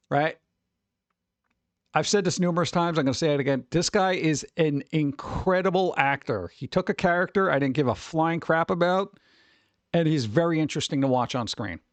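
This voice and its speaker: A man's voice: a little high, no room sound. A man in his forties rambling casually as a stream host, chatty and wry, tossing in asides and muttered reactions.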